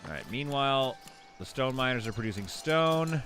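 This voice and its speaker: A man's voice: medium pitch, expressive, normal speed, fairly bright tone, soft background music. A man giving casual live commentary while he plays a city-building game, rambling and correcting himself as he thinks aloud.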